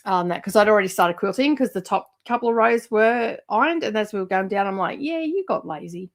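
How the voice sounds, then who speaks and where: A woman's voice: mid-range voice, fast, gravelly. A middle-aged woman, chatting casually as host of a livestream, rambling with lots of fillers and laughs.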